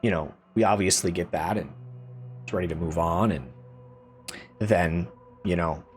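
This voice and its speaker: Over soft background music, a low-pitched man at a measured pace gives a casual game review. He rambles, repeats himself, restarts and swears, growing exasperated until his complaints turn loud.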